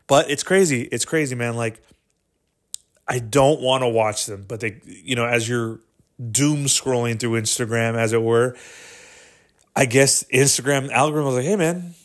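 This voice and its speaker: A man hosting a podcast, ranting casually with constant swearing and a steady stream of "dude". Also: medium pitch. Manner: profane, animated, keeps saying "dude". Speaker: podcast host. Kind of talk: casual monologue rant.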